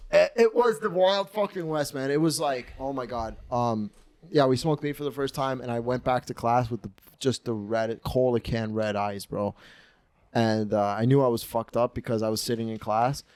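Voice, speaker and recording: A man in his twenties hosting a comedy podcast, telling stories in a profane, slangy, animated way and acting out voices. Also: mid-range voice, normal speed, clear, resonant tone, no echo. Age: 20s. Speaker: podcast host. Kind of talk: casual comedic storytelling.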